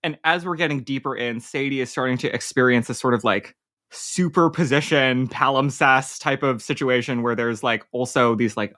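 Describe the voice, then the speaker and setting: A woman's voice: extremely low pitch, fairly bright tone. A woman co-hosting a book podcast in casual chat, talking animatedly with lots of fillers and laughs, and sometimes reading passages aloud. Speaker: podcast co-host.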